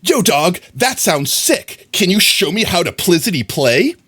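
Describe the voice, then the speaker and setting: A man's voice: sits high, sing-song, measured pace, a bit bright, husky, soft background music, pitched above the performer's own voice, full character voice. A man voicing an old grandma who tries awkwardly to talk like a young gamer.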